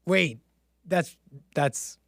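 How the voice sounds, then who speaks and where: Man, streamer host, high-pitched, joking, self-mocking, dry close sound. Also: lively intonation, extremely slow, creaky, a bit bright, dry recording. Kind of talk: casual livestream monologue.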